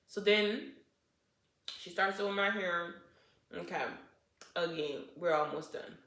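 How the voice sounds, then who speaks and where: A woman telling a storytime vlog in a casual, animated and indignant way, full of restarts and "like". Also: fairly low pitch, normal speed, pauses often. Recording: echoey room.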